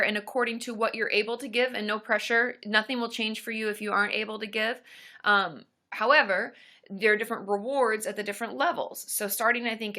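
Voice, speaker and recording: A woman's voice: medium pitch, pushed and bright. A woman hosting a casual live stream, chatting with viewers and reading their comments in a rambling, friendly way. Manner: chatty and rambling, with many fillers and asides to viewers.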